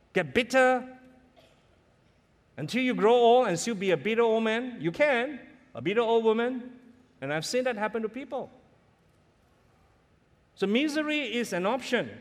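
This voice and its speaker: A man's voice: very high voice, animated, unhurried, pauses often. A middle-aged man, preaching a sermon as pastor, telling stories earnestly and building to emphatic peaks. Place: church sanctuary. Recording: reverberant church hall.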